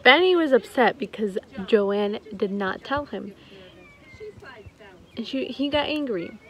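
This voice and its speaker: A young woman improvising a story at home, playful and a little halting. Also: a little high, lively intonation, poor audio. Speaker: co-host telling a story.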